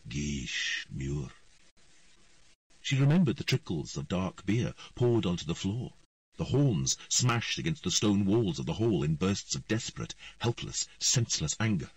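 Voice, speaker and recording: A man narrating an audiobook in an expressive storytelling style. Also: low-pitched, normal speed, no room sound, recorded from a distance. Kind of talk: scripted narration.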